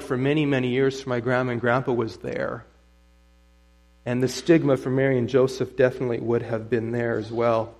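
Gravelly-voiced pastor telling folksy stories. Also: male voice, mid-range voice, a little mellow. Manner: folksy, conversational, asks the audience rhetorical questions. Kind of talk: sermon with personal stories.

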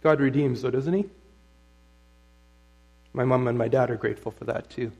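Middle-aged male pastor, gravelly voice, folksy storytelling sermon, chatty asides to the room. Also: mid-range voice, moderate pace, a little mellow. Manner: folksy, conversational, asks the audience rhetorical questions. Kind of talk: sermon with personal stories.

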